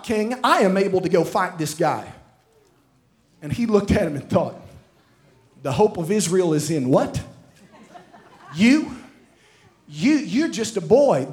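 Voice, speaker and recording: A man preaching a sermon, retelling a Bible story with acted-out dialogue and calls to the congregation. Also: high-pitched.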